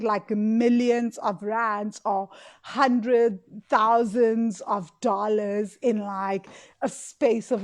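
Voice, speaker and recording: A woman's voice: on the high side, a little mellow. A woman hosting a solo podcast, talking in an emotive, chatty way with many tag questions. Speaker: podcast host and money coach. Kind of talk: casual solo podcast talk.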